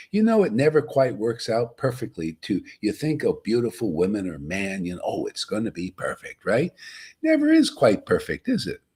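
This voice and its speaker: A man's voice: medium pitch, darkish tone, breathy edge. A man giving an informal, emphatic spiritual talk to a group, folksy and chuckling, often asking "see?". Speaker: spiritual teacher.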